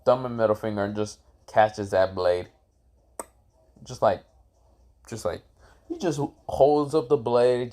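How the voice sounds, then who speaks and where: A man tells a fan story off the cuff, in a loose, rambling way full of fillers, restarts and swearing. His voice sits at a middling pitch for a man. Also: darkish tone. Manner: rambling, with many fillers and profanity. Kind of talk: casual story retelling.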